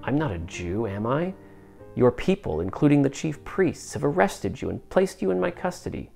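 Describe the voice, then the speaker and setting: Man playing a stern Roman governor, scripture drama, raised insistent questions, gravelly, faint guitar behind. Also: on the high side, big pitch swings, moderate pace, darkish tone, voice pushed up, heavily acted. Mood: pressing.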